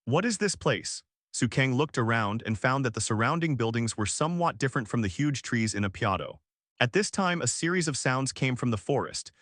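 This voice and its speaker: A male text-to-speech voice narrating a fantasy audiobook at a middling pitch. The delivery is flat and even, with no acting. The sound is dry and close, with no room echo. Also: brisk. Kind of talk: machine-read novel narration.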